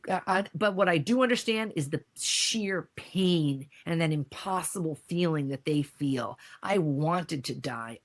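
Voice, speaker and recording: A middle-aged American woman, a podcast guest, speaking candidly and emotionally in a conversational interview. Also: low-pitched. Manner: emotional, candid, animated when quoting others.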